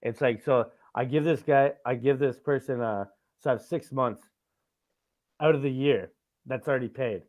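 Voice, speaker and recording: This Canadian podcast host has a mid-range, slightly dark voice and keeps a moderate pace. He loosely rambles through a long tale in casual chat, cursing a lot and tagging sentences with "right?", all over thin, phone-like sound.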